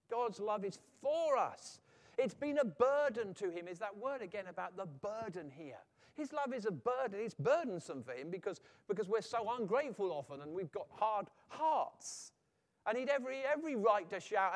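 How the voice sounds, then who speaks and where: A man preaching a sermon in a lively way, sometimes acting out quoted voices. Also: sits high, normal speed, long reverb tail. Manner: animated, acts out quoted voices.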